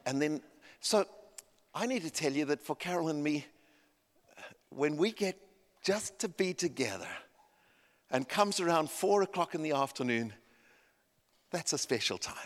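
A man in his fifties preaching a sermon, telling a family story and building to loud, emphatic peaks. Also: medium pitch. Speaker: pastor. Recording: long hall reverb.

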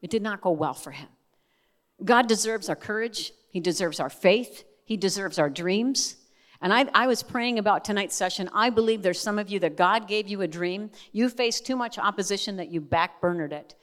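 A woman's voice: medium pitch, normal speed. Middle-aged woman telling her story from the stage, candid and chatty, big hall echo trailing after her. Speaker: Christian speaker and author. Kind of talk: testimony sermon to a live audience.

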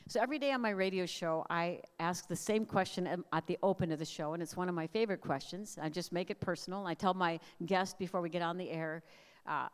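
An earnest middle-aged woman preaching at a family camp, her slightly low voice moving in measured, emphatic phrases. Her words ring out with a long reverb from a large hall. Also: clean tone. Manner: earnest, prayerful, measured cadence with emphatic repeated lists. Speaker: speaker at a family camp, radio host. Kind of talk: sermon with personal testimony.

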